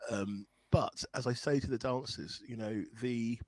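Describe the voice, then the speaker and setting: A man's voice: mid-range voice, unhurried, no room sound, poor audio. A man, a guest songwriter and blues musician, talking thoughtfully and earnestly in a conversation. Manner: earnest, thoughtful, searching for words. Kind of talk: reflective conversation.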